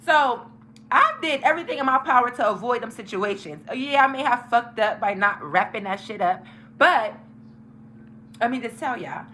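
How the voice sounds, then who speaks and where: A woman's voice: fairly high pitch, animated, moderate pace, bright, forceful tone, slight background noise, low-quality recording. A young woman hosting a casual storytime vlog, talking frankly and emphatically with lots of profanity. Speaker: tarot channel host.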